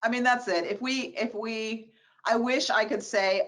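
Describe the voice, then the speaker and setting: A woman in her forties, a diversity expert, telling personal stories in a webinar interview on a video call, animated and expressive. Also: fairly high pitch, measured pace, low-quality recording. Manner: animated, expressive storytelling with quoted voices. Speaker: diversity expert, guest speaker.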